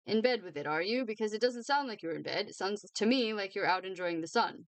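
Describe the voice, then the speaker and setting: A woman's voice: mid-range voice, animated, brisk, no room sound, lightly acted. A woman voicing a sing-song, spiteful male headmaster.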